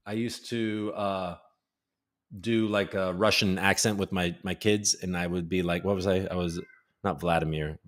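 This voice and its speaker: A man hosting a casual crypto livestream, rambling and joking irreverently as he reads viewer comments. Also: deep voice.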